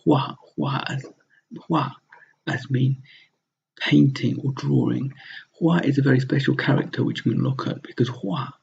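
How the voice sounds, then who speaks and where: Man, language teacher, gravelly husky voice, mellow, dull lo-fi recording. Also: mid-range voice, normal speed. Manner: explains step by step, repeats words to model pronunciation. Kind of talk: recorded slide lesson. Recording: dull lo-fi sound.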